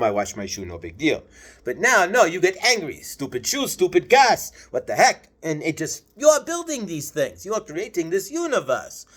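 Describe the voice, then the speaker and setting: A man channeling a spiritual message, preachy and questioning, with slow stretches and sudden high swells.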